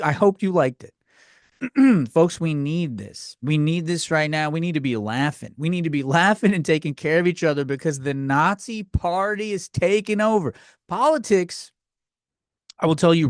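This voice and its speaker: A man's voice: on the high side, dry recording, clean studio sound. A man hosting a solo comedy podcast, rambling from thought to thought and poking fun at himself. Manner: rambling, scattered, self-mocking. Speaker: podcast host.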